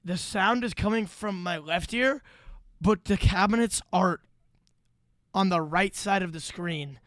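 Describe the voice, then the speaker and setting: A young man streaming live, reacting to clips with excitable outbursts and laughs at a desk microphone. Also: high-pitched, measured pace.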